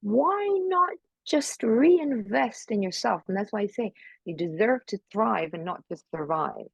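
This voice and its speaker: A woman from Malaysia talks as an interview guest, emphatic and encouraging. Her pitch is medium for a woman. The recording is close and dry. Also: animated, unhurried, vocal fry, slightly rough, dry recording, highs cut off. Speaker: guest, actress. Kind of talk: casual interview talk. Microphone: remote recording.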